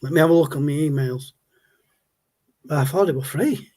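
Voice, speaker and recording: A man's voice: fairly high pitch, moderate pace, darkish tone. A man, hosting a casual livestream and rambling as he answers viewer chat. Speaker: livestream host.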